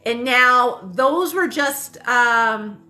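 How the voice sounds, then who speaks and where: A woman in her thirties chats on a phone livestream, her voice bright and a touch high. She rambles through a personal story, fills pauses with ums and corrects herself mid-sentence. She swears casually. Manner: rambling, full of fillers and self-corrections. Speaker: spiritual livestream host.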